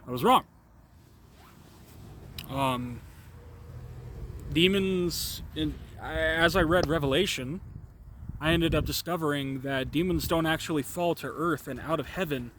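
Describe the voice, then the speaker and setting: A man tells a personal story off the cuff, his voice sitting a little higher than most. He rambles, swears freely and trips over restarts as he goes. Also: fairly bright tone, a little hiss or hum. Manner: rambling, profane, with stammered restarts. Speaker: vlogger. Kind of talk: improvised personal storytelling monologue.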